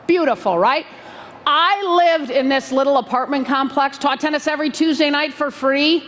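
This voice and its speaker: A woman giving a motivational keynote talk, telling a story in a lively, conversational way and acting out the dialogue. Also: sits high, normal speed. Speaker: keynote speaker. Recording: long hall reverb, faint noise.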